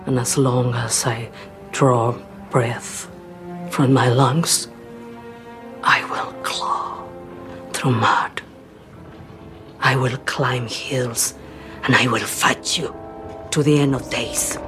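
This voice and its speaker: A woman's voice: rumbling low, fairly even intonation, drawn-out words, pauses often, full character voice. An actress playing a defiant mother who banishes a demon, speaking fiercely and solemnly, at times in a whisper. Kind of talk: dramatic TV scene. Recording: film clip with loud music.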